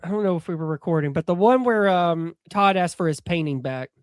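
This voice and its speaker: A man's voice: sits high, brisk, smooth, no room sound, studio quality. A man co-hosting a casual movie podcast, talking in a rambling, hesitant way. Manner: rambling, hesitant, lots of fillers. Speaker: podcast co-host. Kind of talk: casual chat.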